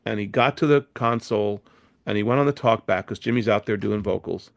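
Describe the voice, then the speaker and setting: Gravelly older man telling studio stories. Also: on the low side, moderate pace, no room sound. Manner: animated, with frequent restarts and repeated words. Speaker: guest, record producer. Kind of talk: anecdotal interview storytelling.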